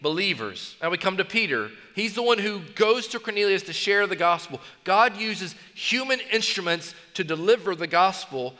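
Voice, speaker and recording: Male pastor, high bright voice, emphatic exhorting sermon with long hall reverb. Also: normal speed, few pauses. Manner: emphatic, exhorting with repeated phrases.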